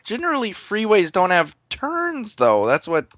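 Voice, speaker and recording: A man's voice: high voice, wildly swooping pitch, measured pace, fairly bright tone. A young man, a guest on a game chat, bantering and joking playfully. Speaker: guest co-host. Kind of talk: casual chat while playing a game.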